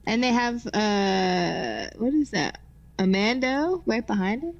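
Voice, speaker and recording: A woman's voice: fairly high pitch, animated, takes it slowly, dull audio. A woman co-hosting a live stream, chatting casually, laughing often and reading chat messages aloud. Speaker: co-host of a live pinball repair stream.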